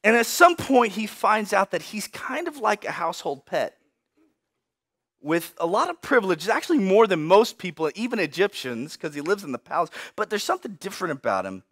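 A man with a high voice preaches to a congregation, retelling an old story in loose, modern slang. He slips into little voices for the people in it. The sound is dry and close. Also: fairly quick, no echo. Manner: lively storytelling, acting out characters in casual slang. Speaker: pastor. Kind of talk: sermon.

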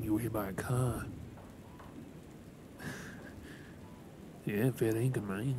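A man with an Australian accent in a soft, whispered role-play, gently reassuring the listener with halting words. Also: fairly low pitch. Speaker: ASMR creator. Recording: rain and thunder noise behind. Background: steady rain and thunderstorm.

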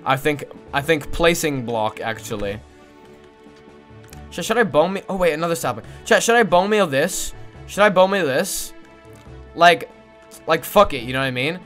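A woman streaming a video game, chatting casually with her viewers and swinging between squealing joy and mumbled asides. She coos in a high baby voice at a pet. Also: animated, normal speed, long pauses, soft background music. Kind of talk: casual live-stream gaming commentary.

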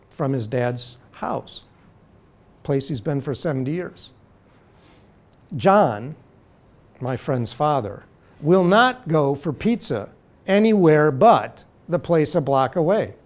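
A man giving a university law lecture in a deliberate, measured way, slowing to stress key terms. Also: fairly high pitch, a little mellow.

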